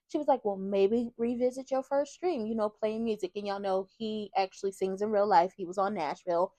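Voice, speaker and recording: A woman's voice: fairly high pitch, brisk, dark tone, dry recording. A woman hosting a casual soap opera recap, telling the story in a sassy, slangy way and acting out the characters' lines. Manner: acts out characters' lines in quotes.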